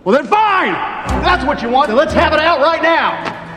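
Hammy treasure hunter, high jumpy voice, fake cockney drunk bit, music under it. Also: male voice, animated, moderate pace, reverberant. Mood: bickering. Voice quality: puts on a drunk over-the-top Cockney accent. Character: brash male treasure hunter, bickering. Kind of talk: film acting.

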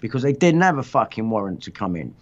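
A man's voice: on the low side, very animated, fast. A man hosting a livestream, telling his story in agitated, rambling casual chat full of swearing. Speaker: livestream host. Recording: dull lo-fi stream audio.

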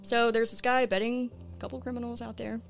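A woman's voice: a little high, a little fast, creaky, soft background music. Casual woman podcast host recounting a case. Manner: relaxed, conversational, with frequent "um" and "uh". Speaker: true crime podcast host.

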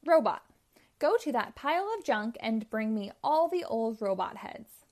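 Storybook villain inventor, whiny, shrill, theatrical, woman voicing, high. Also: lively intonation, unhurried, darkish tone. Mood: gleeful. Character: whiny villain inventor man, tantrum-prone.

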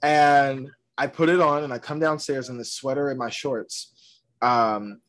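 A young man from Georgia spins a comic story as a podcast guest. He slips into the voices of the people he describes, animated and quick. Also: medium pitch. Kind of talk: comedic storytelling.

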